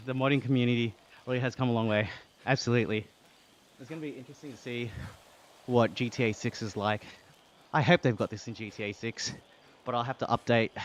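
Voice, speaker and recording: An Australian man streaming live, chatting casually and reading out chat while he cycles, laughing often. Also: mid-range voice. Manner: relaxed, chatty, reads chat aloud with frequent laughs.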